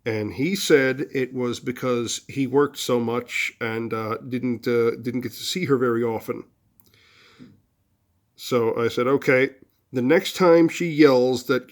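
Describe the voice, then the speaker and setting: A man's voice: mid-range voice, fairly even intonation, unhurried. Man explaining a theory, conversational. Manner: conversational, with frequent fillers and restarts. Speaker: video host. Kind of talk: casual explanatory talk.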